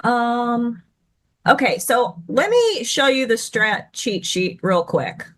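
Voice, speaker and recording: A woman's voice: a little high, big pitch swings, fairly bright tone. A woman teaching chart patterns as a guest. She explains in a hurry and stops now and then to correct herself. She speaks over a video call. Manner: rushed, tumbling explanations with self-corrections. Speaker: guest trading educator.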